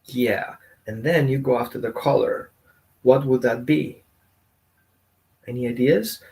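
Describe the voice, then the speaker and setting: A man's voice: medium pitch, unhurried, darkish tone. A man teaching as a dog trainer in a casual, conversational way, often asking his audience questions. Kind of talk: informal teaching talk.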